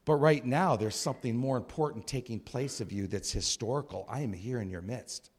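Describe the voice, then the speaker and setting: A man preaching a sermon as a church pastor, animated, acting out voices and shouting at times. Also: medium pitch, a little fast, slightly rough.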